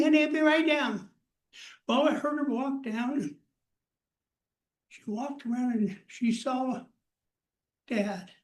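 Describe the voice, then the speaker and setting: An older man recounts a personal story to a gathered group. He speaks in a plain, unhurried way. The room around him echoes noticeably. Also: very high voice.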